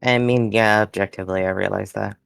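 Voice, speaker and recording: A tabletop player speaking in character, hesitant and halting, often repeating words. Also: sits low, steady tone, creaky, fairly bright tone, clean tone, no room sound, studio quality.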